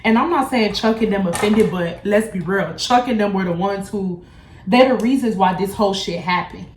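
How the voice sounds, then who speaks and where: A young woman in her twenties telling a casual storytime vlog, blunt, profane and animated. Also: mid-range voice, normal speed, a little hiss or hum. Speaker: beauty vlogger. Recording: echoey room.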